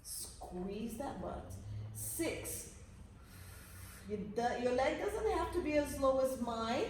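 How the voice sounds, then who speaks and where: High-voiced pilates instructor in a roomy studio. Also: female voice, slow pace, slight background noise. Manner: energetic coaching, counting reps. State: out of breath. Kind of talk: guiding a workout class. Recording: roomy echo from a distance.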